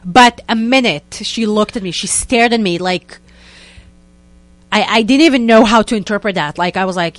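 A young woman, a guest telling a story in a lively, casual way and acting out what people said. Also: fairly high pitch, normal speed, no room sound. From Israel. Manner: animated, acts out quotes in other voices, many "like" fillers.

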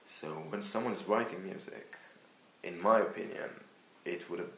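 A man's voice: low-pitched, steady tone, moderate pace, a bit bright, echoey room, slight background noise. A young man from Israel with an Israeli accent, a guest musician talking casually and thoughtfully, sometimes searching for words. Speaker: guest violinist. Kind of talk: casual interview talk.

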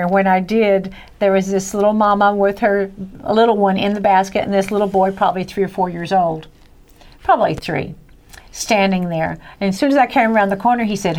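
A woman tells a personal story in a casual chat, laughing often and acting out voices. Her voice sits in a middle range and she talks in a lively, easy way. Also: medium pitch. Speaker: guest sharing a faith testimony.

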